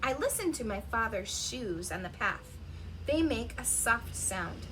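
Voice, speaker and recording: A woman's voice: a little high, big pitch swings, unhurried, background noise. A woman reading a picture book aloud to young children at home, stopping to ask them questions and imitate animal sounds. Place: her home.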